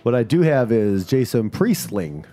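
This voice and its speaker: Male host, loose comedic banter, lively swinging delivery. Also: unhurried, soft background music. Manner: playful, jokey, pitch jumping around.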